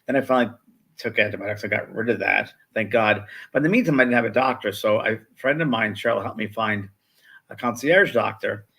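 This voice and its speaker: Speaking a little fast with vocal fry, this man's voice sits on the low side, fairly bright and slightly rough. In his sixties, he co-hosts a live spiritual show as a medium, telling casual stories and voicing the people in them.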